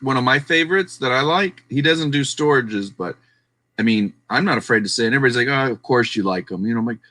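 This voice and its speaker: A man telling stories in a casual online hangout, animated and chatty. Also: mid-range voice, fast talker, dry recording. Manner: animated storyteller. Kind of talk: casual chat.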